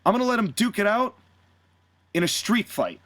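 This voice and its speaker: A man's voice: high-pitched, sing-song, moderate pace, background noise, voice pushed up. A man voicing a blunt veteran male wrestling manager who announces a violent match with relish.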